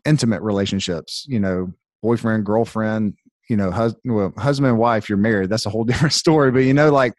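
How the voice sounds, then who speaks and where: A man's voice: on the low side, brisk, a little mellow. A man with a Southern US accent, a salon owner and public speaker, talking in an earnest, motivational, rambling way as a podcast guest. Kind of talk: casual podcast interview.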